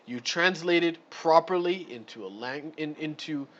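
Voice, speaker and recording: A man's voice: a little high, a little slow, a bit bright, muffled recording. A man doing a live read-through of an adventure module, breaking off into exasperated, sweary ranting commentary. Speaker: streamer reading a module.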